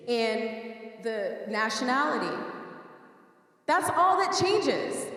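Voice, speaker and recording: A woman organizer rouses a crowd with an emphatic rally speech. Her fairly high voice carries from a distance and booms around a long-reverberating hall. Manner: fervent, rousing, emphatic. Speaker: community organizer. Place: public meeting hall. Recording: echoey hall, voice from far off.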